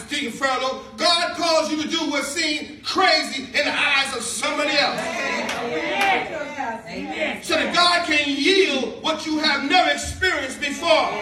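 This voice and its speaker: A man preaching a sermon with animated, shouting delivery and call-and-response. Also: very high-pitched, distant mic. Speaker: pastor. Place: church. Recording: echoey hall from afar, congregation. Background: congregation responding.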